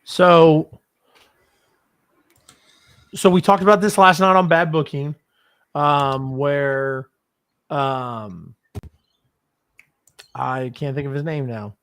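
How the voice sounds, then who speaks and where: A man's voice: fairly high pitch, slow pace, pauses often, fairly bright tone, clean tone, no room sound. A man co-hosting a casual wrestling post-show chat, hesitant with many restarts, joking and profane. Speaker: co-host.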